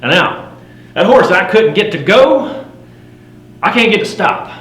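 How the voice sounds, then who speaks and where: A middle-aged man playing a boastful frontier fur trapper, spinning a first-person campfire tall tale in a folksy drawl with rough frontier grammar, wry and swaggering. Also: high voice, sing-song, a little slow, a bit bright, exaggerated voice. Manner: swaggering, wry, chuckling at his own yarns. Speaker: living history storyteller. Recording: roomy recording with faint hum.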